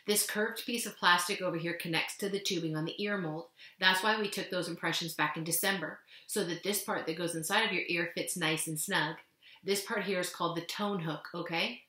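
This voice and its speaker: A kind, joking ear doctor talks in an easy, reassuring way, read aloud by a woman. The voice is bright and forceful, carried in an echoey room. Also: on the low side, fairly even intonation, fairly quick. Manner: friendly, reassuring, playful.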